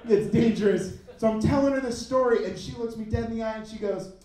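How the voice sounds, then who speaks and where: A man in his thirties performing a stand-up comedy set on a club stage, animated and jumping up in pitch for punchlines. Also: quick pace, very echoey, far from the mic, low-quality recording. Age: 30s.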